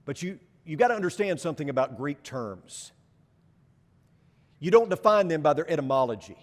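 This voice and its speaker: A man's voice: a little high, sing-song, moderate pace, long reverb tail. A male preacher giving an emphatic sermon, repeating his phrases and asking the congregation rhetorical questions.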